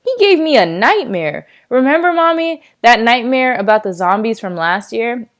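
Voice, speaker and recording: Lady reading aloud doing a high squeaky little boy voice, whiny and jumpy. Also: very animated, moderate pace. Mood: excited. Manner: high, whining. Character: whiny excitable little boy, second grader. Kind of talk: read-aloud storytelling.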